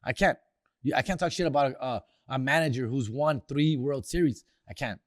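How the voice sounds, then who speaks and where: A man's voice: medium pitch, normal speed, no echo, clean studio sound. A comedian hosting a casual sports segment, slangy and profane, dropping Spanish words into his talk. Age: older.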